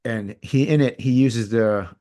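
A middle-aged man telling a personal story as a podcast guest, candid and rambling, his voice dropping to a hush and rising again. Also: medium pitch, a little slow. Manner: candid, rambling, swings between loud and hushed. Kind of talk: casual storytelling.

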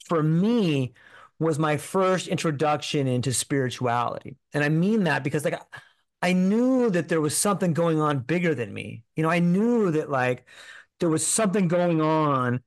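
A man's voice: a little high, animated, normal speed, no echo. A man telling a personal story as a podcast guest, in an earnest, rambling way full of filler words.

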